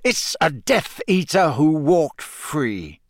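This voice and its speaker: A man voicing a gruff, battle-scarred older male wizard who growls and speaks slowly and deliberately. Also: on the high side, sing-song, no room sound, pitched above the performer's own voice, heavily acted.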